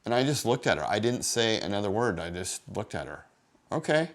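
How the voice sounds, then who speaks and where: A man with a somewhat low voice talks straight to his viewers in a casual vlog. He rambles and circles back, sounding indignant as he tells his story. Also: sing-song, fairly quick. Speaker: vlogger.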